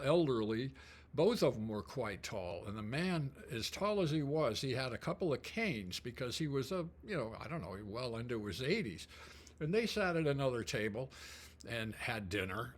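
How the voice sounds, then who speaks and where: An older man telling a personal memory in a casual, rambling way, full of fillers and throat clearing. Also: medium pitch, a bit bright. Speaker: storyteller. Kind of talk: casual storytelling.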